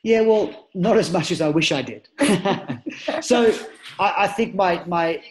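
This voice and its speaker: A man's voice: high-pitched, slow pace, slight background noise, rough recording. A man, a judo coach, talking casually and energetically in a podcast interview, with frequent restarts. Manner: energetic, animated storytelling with many restarts. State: a parent at home. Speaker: judo coach and former Olympian, guest.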